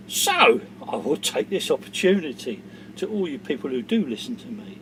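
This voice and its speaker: A middle-aged man, ranting to camera in an angry monologue that swings from low mutters to shouting. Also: a little hiss or hum. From England. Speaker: vlogger.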